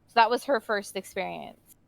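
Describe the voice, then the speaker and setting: A woman's voice: mid-range voice, moderate pace, gravelly, a crowd in the background. A woman co-hosting a podcast, talking in hesitant casual chat and leaning on "like" as a filler. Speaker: podcast co-host.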